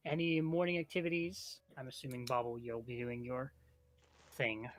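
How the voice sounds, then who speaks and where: A man's voice: mid-range voice, little pitch movement, normal speed, slight background noise. A man from the Midwest, running a tabletop game as game master, teasing his players, swearing freely and laughing often.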